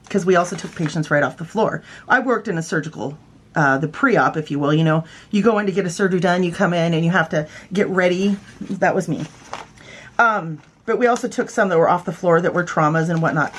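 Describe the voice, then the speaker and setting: A woman from California, a vlogger and former nurse, speaks briskly in a fairly low voice, with a little hiss or hum on the recording. She casually tells funny stories about her old work, chatty, playful and self-mocking, and loves doing voices.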